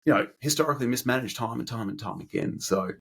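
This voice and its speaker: A man as a podcast guest in relaxed casual chat. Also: medium pitch, fast talker, vocal fry, breathy edge.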